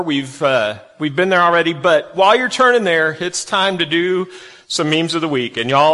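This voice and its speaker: A man's voice: fairly high pitch, bright, forceful tone. A man, a pastor talking to his church in a chatty, folksy way with self-deprecating humor. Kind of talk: casual sermon opening. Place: church sanctuary. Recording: long reverb of a large hall.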